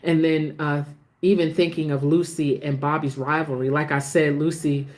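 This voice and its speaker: A woman with a low voice talks through the week's soap episodes in a loose, chatty way. She often restarts her sentences and admits the scenes move her. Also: little pitch movement, normal speed, darkish tone. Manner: chatty, restarts sentences, gets emotional about the show. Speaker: soap opera recap host. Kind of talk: casual chat.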